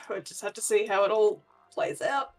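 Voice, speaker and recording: A woman playing a tabletop game, chatting quickly and describing what her character does. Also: mid-range voice, faint music behind. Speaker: player. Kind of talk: casual tabletop role-play.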